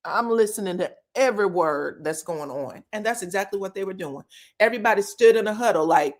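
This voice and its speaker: A woman's voice: mid-range voice, fairly quick. A woman recapping reality TV drama in casual gossip, telling it with energy and swearing freely. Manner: animated storytelling, swears freely, acts out what others said; keeps checking in with "you know what I'm saying". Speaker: reality TV commentator.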